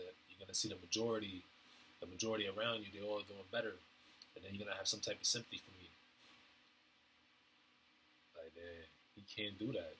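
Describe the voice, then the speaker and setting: Bright-voiced rambling man, halting speech. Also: on the low side, a little hiss or hum, poor audio. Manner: halting, many restarts and fillers; casual slangy talk. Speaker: vlogger. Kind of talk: rambling stream-of-consciousness monologue.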